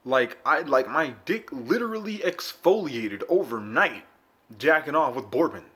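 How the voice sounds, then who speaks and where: A young man rambles through a casual vlog monologue, swearing freely and jumping between loud bursts and low mutters. His pitch swings lively up and down, in a middle register for a man. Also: measured pace. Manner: profane, rambling, laid-back with sudden loud bursts. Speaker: vlogger.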